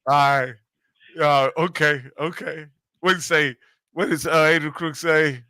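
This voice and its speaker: Male host, slightly high, bright and forceful voice, emphatic conversational delivery. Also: steady tone, a little slow, dry recording. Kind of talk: casual sports chat.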